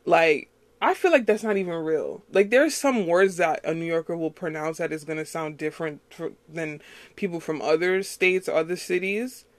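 A woman's voice: on the low side, moderate pace, dry recording. A chatty woman from New York City hosts her own podcast, talking in a loose, rambling way with plenty of fillers and easy laughter. Her voice sits dry and close, with no room around it. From Queens, New York City. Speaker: podcast host. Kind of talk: casual solo podcast chat.

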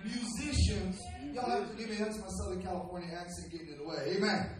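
A man's voice: high-pitched, racing, over a noisy crowd. A man preaching a sermon to a responding congregation, building lines into half-sung calls. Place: large church hall. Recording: echoey hall from far off with loud congregation.

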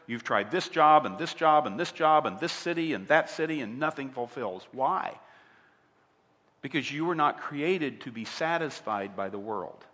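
A man's voice: a little high, sharp tone, in a large hall. A man preaching a sermon as a pastor, emphatic and asking his listeners direct questions. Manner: emphatic, asks the audience rhetorical questions.

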